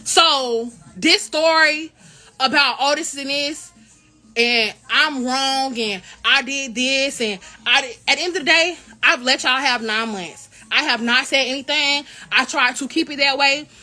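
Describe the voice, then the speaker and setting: A young woman with a high, bright voice tells a story in a casual vlog. She retells the events indignantly and acts out the quoted lines with energy. Faint music plays underneath. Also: unhurried. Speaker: college royal court member.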